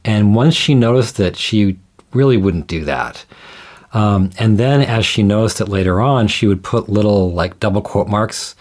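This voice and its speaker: A man with a fairly low voice talks things through in a measured, thoughtful way. He restarts his sentences often as he builds each point, in a relaxed, explanatory conversation. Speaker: guest scholar.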